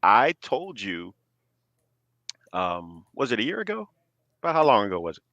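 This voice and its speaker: Guy in his 40s guesting on a podcast, earnest and steady, keeps saying right?, dry close sound. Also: lowish voice, normal speed, no room sound, dull audio. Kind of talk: casual chat.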